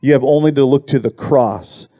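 A man preaching a sermon as a pastor, earnest and emphatic, often repeating words and slowing down on key phrases. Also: mid-range voice, dark tone, no echo.

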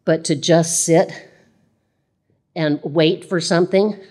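A woman's voice: lowish voice, steady tone, slow pace, dark tone. Woman preaching a conversational sermon. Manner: conversational, repetitive phrasing, reads scripture aloud.

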